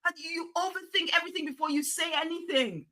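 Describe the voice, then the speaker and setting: A woman's voice: very high-pitched, fast talker, poor audio. A woman giving an emphatic, repetitive motivational talk, coaxing her listeners to loosen up. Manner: emphatic, repetitive, coaxing, swings to soft near-whisper. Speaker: motivational speaker.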